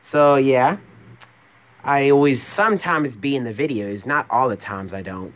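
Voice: medium pitch, unhurried, pitched below the performer's own voice, close to an everyday voice. A young man voicing a laid-back young hedgehog hero who talks lazily and dreamily. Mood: dreamy. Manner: dreamy, lazy.

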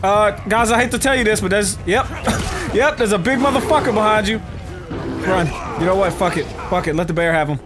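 A man with a Southern US accent giving profane, excitable let's-play commentary, yelping and shouting when startled. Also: high voice, brisk, over music, crowd noise. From United States. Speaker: gaming YouTuber.

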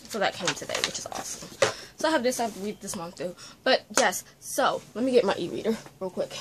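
A woman chats casually into a phone on a tripod in her bedroom, rambling through a book review with plenty of fillers. Her pitch sits in the middle range for a woman. Faint room noise hangs behind her. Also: fast talker. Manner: rambling, animated, many fillers. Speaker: book vlogger. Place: bedroom at home. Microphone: phone on a selfie-stick tripod.

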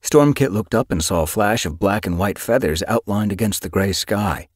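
A man narrating an audiobook with expressive storytelling. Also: on the low side, moderate pace, no echo, studio quality. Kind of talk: scripted narration.

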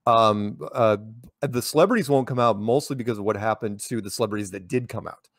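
A man's voice: on the low side, brisk, no echo, studio quality. An American man telling stories in a casual interview, rambling with many restarts and repeated words. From United States. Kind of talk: casual conversational storytelling.

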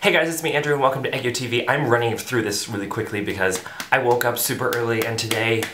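A man's voice: mid-range voice, fast talker, noisy background. A man hosting a reaction video, gushing with breathless fanboy exclamations as he reacts to a music video. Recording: roomy echo with faint music.

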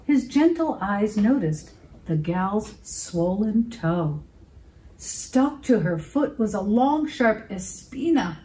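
Slow, expressive woman reading aloud. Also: mid-range voice, rough recording. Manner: expressive, asks children questions. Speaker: librarian. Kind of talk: picture-book read-aloud for children.

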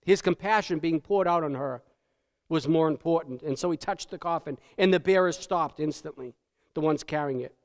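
A male pastor with a high voice preaches in a church sanctuary, and his words carry a long reverb through the hall. He swings from emphatic peaks down to hushed, intimate lows. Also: moderate pace. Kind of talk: sermon.

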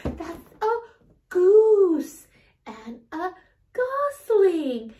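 A woman hosting a toddler lesson in a very high, bouncing sing-song voice full of gasps and lavish praise. She speaks slowly and clearly, and the sound carries an echoey room. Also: big pitch swings. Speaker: toddler teacher and show host. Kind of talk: toddler learning video.

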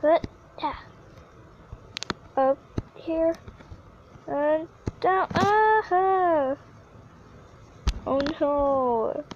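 Woman, gameplay commentary, excitable, very slow talk, faint hiss behind. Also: high-pitched, dull audio. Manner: chatty and excitable, yelps when falling. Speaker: gaming YouTuber.

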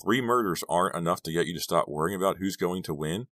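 A man voicing a worried, stubborn teenage girl who pleads and argues, in a very deep voice. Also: fast talker, a bit bright, no room sound, studio quality. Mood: incredulous.

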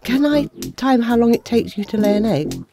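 Woman as a timid, stammering egg timer, high and small. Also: sing-song, normal speed, vocal fry, warm tone. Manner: timid, stuttering.

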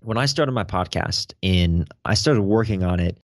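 A young man telling a story in an animated way as a podcast guest. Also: deep voice, moderate pace, no room sound, studio quality. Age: young adult. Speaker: podcast guest, teen podcast host. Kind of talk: casual interview storytelling.

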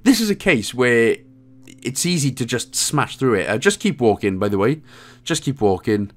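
A Welsh man who makes game guides offers casual, jokey walkthrough commentary on a game, sometimes reading lines in put-on voices. His voice is medium-pitched with big pitch swings, delivered at normal speed.

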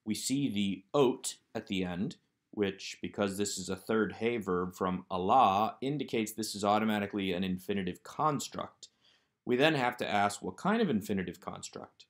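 Methodical lower-voiced man teaching grammar. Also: normal speed. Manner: methodical, explanatory walkthrough of exercises. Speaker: Hebrew teacher. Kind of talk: recorded grammar lesson.

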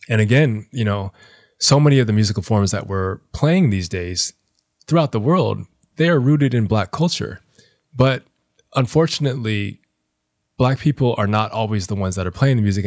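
A low-pitched man from the United States talks as a guest in a relaxed podcast interview. He is reflective and a little halting, often pausing with fillers and restarting his thoughts. The sound is dry and close, with no room around it. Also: no echo. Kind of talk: conversational interview.

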